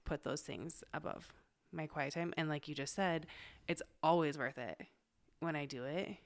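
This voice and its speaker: Low-voiced chatty young mom. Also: female voice, moderate pace. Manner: candid, chatty, many "like" fillers. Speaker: mother of a young child. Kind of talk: casual faith talk.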